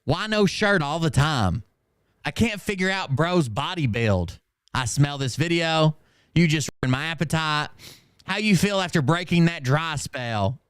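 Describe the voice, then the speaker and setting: A man's voice: fairly high pitch, lively intonation, a little slow, a bit bright, clear, resonant tone, dry recording, studio quality. Sarcastic man reading comments aloud. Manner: sarcastic, laughs often, reads comments aloud. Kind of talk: casual mocking commentary.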